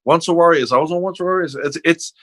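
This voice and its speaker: A man's voice: fairly high pitch, fast, no room sound, poor audio. An older man with a New Zealand accent, a podcast guest telling stories in casual chat and acting out the voices of people in them. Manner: animated storyteller, acts out quoted voices.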